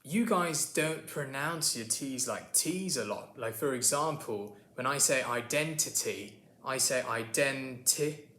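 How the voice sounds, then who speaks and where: An easygoing young British man with a Southern English accent , put on by a man, says example words twice and slowly in a relaxed, chatty way. His voice sits mid-range, and the room around him is echoey. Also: mid-range voice, slight background noise. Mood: casual. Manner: easygoing, demonstrates words by repeating them slowly.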